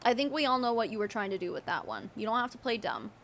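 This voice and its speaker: A young woman with a high voice talks through a livestream she is reacting to. Her commentary is sarcastic and incredulous. She mocks what she hears and often laughs. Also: expressive, fast, vocal fry, a bit bright, a little hiss or hum.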